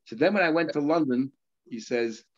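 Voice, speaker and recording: A man's voice: a little high, animated, moderate pace. A male rabbi giving a Talmud lesson, explaining terms step by step in a conversational way. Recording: slightly dull lo-fi audio.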